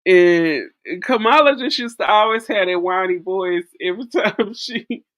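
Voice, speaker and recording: A woman's voice: medium pitch, measured pace. Chatty woman in her forties. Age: early 40s. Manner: chatty, animated storytelling with laughs. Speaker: vlogger. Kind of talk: casual political chat. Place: outdoors in wind.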